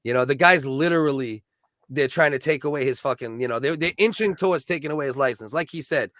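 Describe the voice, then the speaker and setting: A man's voice: medium pitch, quick pace, a bit bright, no room sound. A married man co-hosting a comedy podcast, chatty and agreeable, often adding "you know what I mean" as he talks things through. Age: adult. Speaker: podcast co-host. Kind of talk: casual podcast chat.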